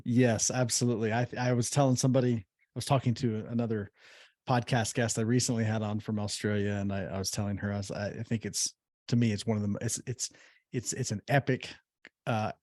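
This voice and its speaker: An American man hosting a podcast interview, often halting with fillers and restarting his sentences. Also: fairly low pitch, steady tone, darkish tone, no echo, clean studio sound. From United States. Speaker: podcast host.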